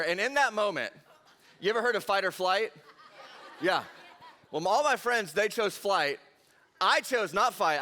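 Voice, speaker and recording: A young man giving a lively, jokey youth sermon and talking straight to the crowd. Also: sits high. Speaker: youth pastor. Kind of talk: energetic youth sermon storytelling. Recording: long hall reverb.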